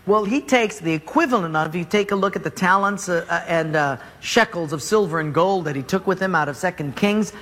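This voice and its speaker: A man preaching a sermon, telling a story in an animated, jokey way and acting out its scenes. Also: high voice, brisk, few pauses, in a large hall.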